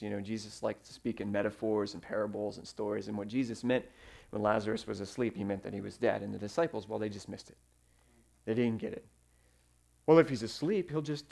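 A man preaching a sermon, telling stories with fillers and sudden swings in loudness. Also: fairly low pitch, gravelly. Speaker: pastor.

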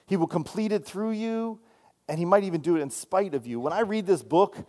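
A man's voice: on the high side, darkish tone. A man preaching as a student minister, talking in a loose, conversational way and checking in with "right?" as he goes. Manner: conversational, repeats "right?" and restarts often. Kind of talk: sermon.

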